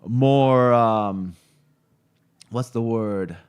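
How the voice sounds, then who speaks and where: A man's voice: mid-range voice, drawn-out words, smooth. A man streaming live, chatting casually and rambling with many fillers and restarts while he looks things up on screen.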